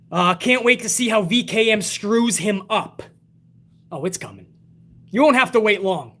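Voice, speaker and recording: A man hosting a live wrestling talk stream, reading chat messages aloud and ranting bluntly with lots of swearing. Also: high-pitched. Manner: blunt, profane, animated rants. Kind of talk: casual live-stream commentary.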